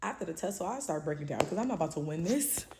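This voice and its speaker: Woman, low voice, casual storytime, swearing a lot, lively. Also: fast talker, roomy sound, background noise. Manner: profane, animated, slangy.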